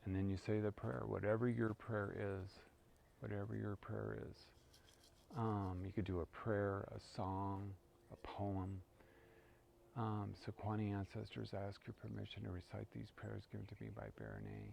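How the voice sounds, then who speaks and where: A man leading a guided prayer practice and sharing a personal story in a calm, reflective way, chanting prayers. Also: lowish voice, moderate pace, gravelly, slight background noise. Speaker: spiritual practice teacher.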